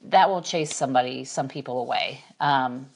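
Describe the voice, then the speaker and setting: A woman's voice: a bass voice, gravelly. A woman hosting a podcast, chatting casually and supportively with her guest. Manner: supportive, quick backchannels and laughs. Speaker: podcast host. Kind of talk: casual chat.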